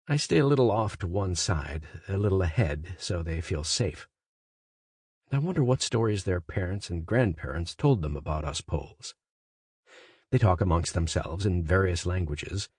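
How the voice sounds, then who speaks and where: A man narrates a literary audiobook in the first person, his voice deep and noticeably husky. He speaks in a measured, conversational monologue, then lifts into sudden emphatic questions. The studio recording is close and dry, with no room around him. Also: a little mellow, no echo. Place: studio booth. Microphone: close studio mic.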